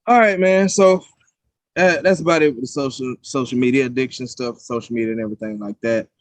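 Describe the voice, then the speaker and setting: A man's voice: mid-range voice, a little fast, dry recording. A young man co-hosting a podcast, telling stories in a casual, profane, heated way. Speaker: podcast co-host. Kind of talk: casual chat.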